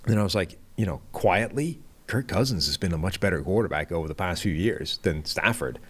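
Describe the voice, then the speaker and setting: Male co-host, very low voice, dry wit. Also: animated, a little fast, husky. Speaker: podcast co-host. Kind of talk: casual sports podcast chat.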